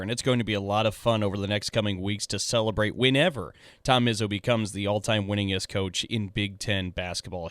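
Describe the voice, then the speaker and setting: A man hosting a sports radio talk show, introducing clips in a measured way. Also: fairly low pitch, fairly bright tone, dry recording, studio quality. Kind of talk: scripted sports talk segment.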